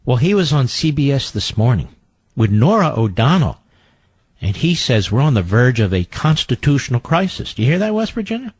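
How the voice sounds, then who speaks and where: A man's voice: on the high side, very animated, brisk, no echo. A man hosting political talk radio, combative and sarcastic, often mocking his opponents in quoted voices.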